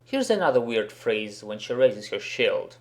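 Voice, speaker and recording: A man's voice: mid-range voice, sing-song, measured pace. A man hosting a commentary video, giving a blunt, sarcastic and profane critique. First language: Russian. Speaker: host, professional interpreter.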